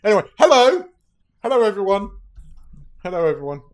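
A man's voice: sits high, sing-song, a little fast. A man co-hosting a podcast who chats in a playful, teasing way. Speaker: podcast co-host. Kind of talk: casual chat.

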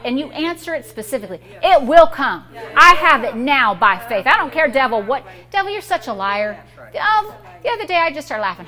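A woman's voice: high voice, big pitch swings, moderate pace, pushed and bright. A woman pastor preaching a fervent sermon and prayer, leading the congregation in call-and-response declarations.

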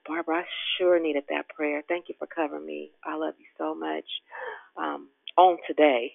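A woman's voice: low voice, creaky, no room sound. Exuberant woman on a phone line. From Richmond, Virginia. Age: 50s. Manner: exuberant, folksy, laughs often. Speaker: prayer call host. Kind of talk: devotional talk on a prayer call. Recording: tinny phone line, dry.

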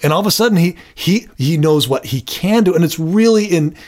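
A middle-aged man co-hosting a casual talk, earnest and explaining with lively examples. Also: fairly high pitch, fairly quick. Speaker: podcast co-host. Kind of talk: casual chat.

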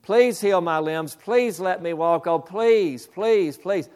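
A man's voice: sits high, slow pace, darkish tone. A man voicing an elderly woman who cries and pleads for healing, in a slightly raised voice. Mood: pleading. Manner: desperate, begging.

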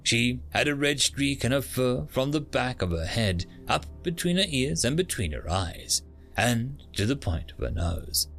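A man's voice: mid-range voice, sing-song, a little slow, a bit bright, soft background music. A man narrating a science fiction audiobook in a dramatic storytelling manner. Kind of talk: scripted narration.

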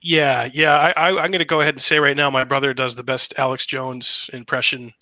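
Chatty man with a bright voice. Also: mid-range voice, little pitch movement, fairly quick, dry recording. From New Hampshire. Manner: rambling, stammering restarts. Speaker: stream host, impressionist. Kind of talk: casual chat.

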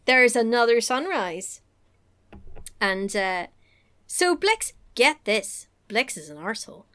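A woman retells a story in a casual chat, joking and laughing as she goes. Her voice sits fairly high and rises and falls a great deal, which keeps it lively. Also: a little slow, clear, resonant tone.

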